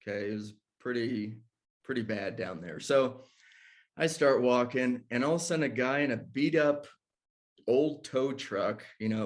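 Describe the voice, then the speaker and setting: Animated man telling a personal story. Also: medium pitch. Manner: animated storyteller who acts out quotes and laughs between lines. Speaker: ministry discussion guest telling a personal story. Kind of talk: casual storytelling.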